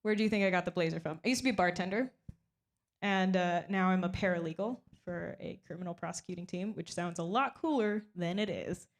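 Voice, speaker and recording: A young woman performing a stand-up comedy set, deadpan and self-mocking, often breaking into little laughs. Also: fairly low pitch, brisk.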